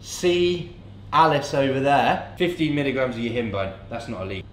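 A young man talks through his day in a loose, joking vlog style, dropping casual swear words as he goes. His voice sits at an ordinary middle pitch and rings off the walls of a fairly echoey room, with a faint hum of ambient noise behind him. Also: expressive, normal speed. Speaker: fitness coach and vlogger.

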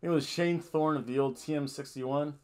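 A man's voice: a little high, steady tone, moderate pace, darkish tone, smooth. A man hosting a wrestling podcast, recapping a show in a rambling, self-correcting way with jokey asides.

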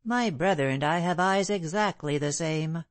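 A woman voicing a calm, stern gentleman in an audiobook, cold and composed. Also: deep voice, normal speed, no room sound, natural voice.

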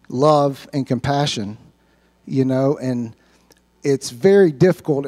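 In a church sanctuary, a man with a mid-range, warm voice gives an earnest, heartfelt personal testimony to the congregation, sometimes repeating words as he speaks.

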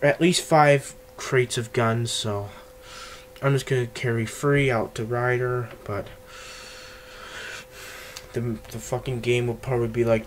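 A man's voice: medium pitch, flat delivery, unhurried, slight background noise. A man giving casual gameplay commentary, ranting and swearing constantly, recorded on cheap earbuds.

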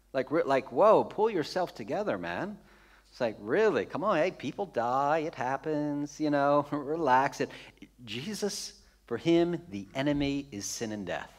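A man preaching a sermon as pastor, conversational and emphatic, repeating phrases for effect with touches of humor. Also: fairly high pitch.

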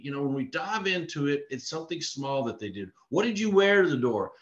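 A man's voice: fairly high pitch, lively intonation, normal speed. A man from Texas giving a live online sales training, earnest and repetitive in his coaching. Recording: echoey room, dull lo-fi sound.

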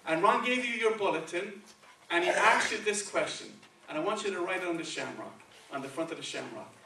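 A man preaches a sermon in Spanish-accented English, keeping it conversational and often checking in with the congregation using "okay" and "right." His high-pitched voice has lively intonation and a fairly quick pace, with a gravelly, bright, forceful tone. He's recorded from far off in an echoey church sanctuary, with slight background noise.

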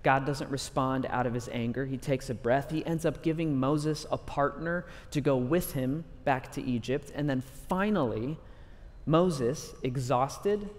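A man preaching a sermon in an energetic, conversational way, acting out scripture stories. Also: medium pitch, long reverb tail. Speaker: pastor.

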